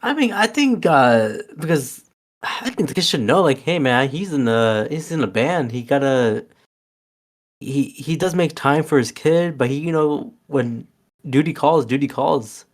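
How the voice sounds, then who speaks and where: A man's voice: fairly high pitch, animated. A man co-hosting a podcast, chatting casually about a movie and mostly agreeing with short, easygoing remarks. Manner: unhurried, agreeable interjections. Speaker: podcast co-host. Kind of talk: casual movie rewatch chat.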